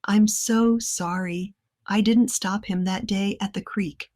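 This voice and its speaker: A woman voicing an earnest young male rancher, speaking softly and sincerely to the woman he cares for. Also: mid-range voice, steady tone, slow pace, no echo, clean studio sound, lightly acted. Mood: tender.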